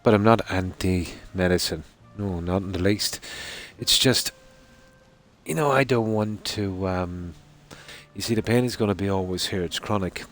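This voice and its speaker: A man whose voice sits low yet carries a fairly bright tone chats casually while playing a game on a live stream, set in a room at home at night. He rambles in a relaxed way, with lots of pauses and "you know"s.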